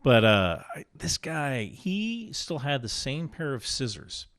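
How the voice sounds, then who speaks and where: A man with a stuffy nose, a podcast guest in casual conversation, telling animated anecdotes with big swings in his voice. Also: medium pitch, slow, no room sound.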